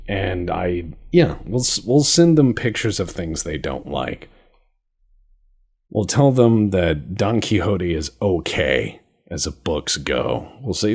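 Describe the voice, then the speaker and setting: Brief: male game-channel host, low dark voice, sardonic running commentary, casual cursing. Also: expressive, unhurried, breathy edge. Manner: joking, sarcastic, swears casually.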